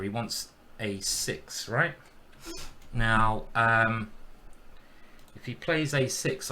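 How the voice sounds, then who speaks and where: A man's voice: mid-range voice, bright, forceful tone. A man giving casual live-stream commentary while playing chess, chatty and thinking aloud.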